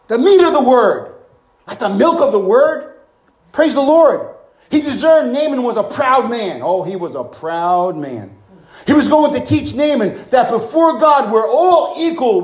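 A man's voice: very high-pitched, big pitch swings, a little slow, a little mellow, roomy sound, low-quality recording. A man preaching a sermon with bursts of exclamations and rhetorical questions.

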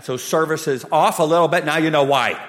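A man voicing a worn-out waitress who complains, then gushes in a high falsetto. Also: fairly quick, fairly bright tone, natural voice. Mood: weary. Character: worn-out middle-aged woman waitress, weary. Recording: long hall reverb.

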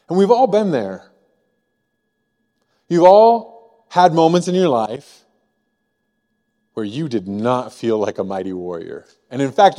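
Male pastor from Missouri, slightly high mellow voice, chatty sermon delivery, long church reverb. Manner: conversational, frequent rhetorical "right?". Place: church sanctuary.

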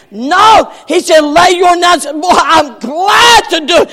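An older man delivers a sermon in a very high, gravelly voice, slow and drawn out. He swings from shouted lines to hushed, almost whispered ones. The sound rings with a long hall reverb. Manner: shouting and dropping to near whispers. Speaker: pastor.

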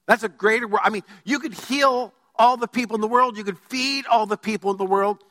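In a church sanctuary, a male pastor with a high, sharp voice preaches a sermon emphatically, throwing questions at his congregation. A long hall reverb fills the recording.

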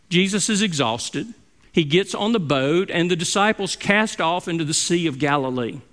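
A middle-aged man delivers a sermon from the pulpit in a voice pitched a little high. He swings between loud, emphatic lines and soft, hushed quotations. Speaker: pastor.

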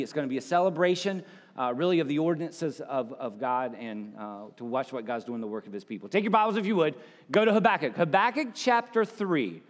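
A man preaching a sermon as pastor, conversational and relaxed, with quick asides to the congregation. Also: high-pitched, big-room sound.

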